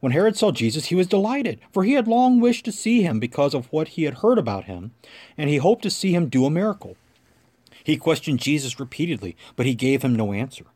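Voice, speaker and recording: A man's voice: fairly high pitch, sing-song, darkish tone. Man reading scripture aloud. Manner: measured, clear narration. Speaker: lector.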